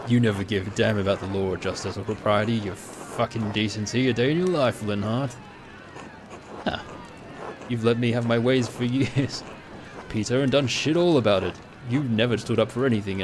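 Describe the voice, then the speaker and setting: A man's voice: mid-range voice, normal speed, noisy background, lightly acted. A man reading lines for a cornered male con artist who pleads and then turns spiteful. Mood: defiant.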